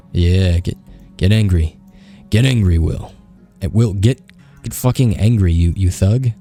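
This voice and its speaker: A man with a low, dark voice reads game dialogue aloud as he plays. He flattens the lines, then cusses at his character and his pitch leaps up when something excites him. Faint game music runs under him. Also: a little slow, pauses often. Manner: reads both sides of the dialogue, swears and shouts at the character. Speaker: gaming streamer playing a story game. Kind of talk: let's play, reading game dialogue aloud.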